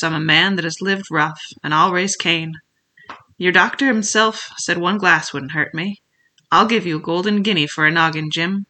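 A reader voicing a sick old male sea captain who craves rum, talking in a weak voice with rough sailor's dialect, by turns pleading and blustering. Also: mid-range voice, bright, forceful tone, lightly acted. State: weak, feeble voice. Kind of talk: audiobook character reading.

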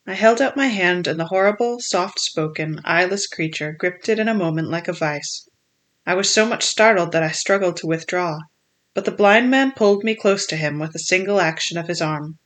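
A steady, measured audiobook narrator reading a classic adventure novel. The delivery is even and unhurried, in plain storytelling. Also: mid-range voice.

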